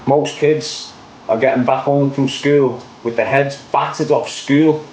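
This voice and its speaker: A man's voice: mid-range voice, steady tone, unhurried, darkish tone, a little hiss or hum, low-quality recording. A young man with a Liverpool accent, ranting opinions on his online show in a casual, repetitive way, ending lines with "mate". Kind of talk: casual livestream rant.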